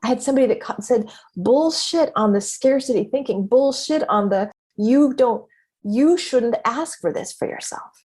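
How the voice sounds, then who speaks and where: Middle-aged woman podcast host, husky, talks frank and expressive, swears a bit. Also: a little high, normal speed. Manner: candid and expressive, swears freely. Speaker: podcast host and business mentor. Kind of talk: casual spoken reflection.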